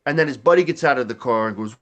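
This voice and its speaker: A man's voice: medium pitch, very fast, fairly bright tone, highs cut off. A man, telling a rambling, profane story in casual chat, laughing often. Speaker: podcast host.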